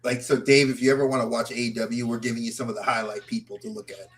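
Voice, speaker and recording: A man co-hosting a wrestling podcast in casual chat, animated and rambling through lists of names. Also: medium pitch, fast, over a noisy crowd. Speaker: podcast co-host.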